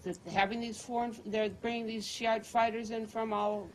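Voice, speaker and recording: A woman's voice: a little high, level tone, moderate pace, slight background noise, rough recording. A woman asking a spokesperson a pointed question at a press briefing. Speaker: reporter.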